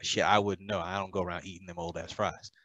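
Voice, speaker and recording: A man's voice: low voice, little pitch movement, quick pace, a bit bright. A man co-hosting a podcast, teasing his co-host with dry, blunt remarks during casual banter.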